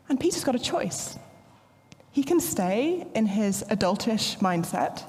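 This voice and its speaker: A woman's voice: fairly high pitch, unhurried. Woman preaching in a reverberant church. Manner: playful, animated storytelling. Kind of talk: sermon.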